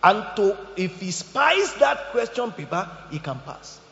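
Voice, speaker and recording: A man preaching a sermon, telling animated stories and asking the congregation questions. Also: high voice, measured pace, creaky. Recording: echoey hall, dull sound.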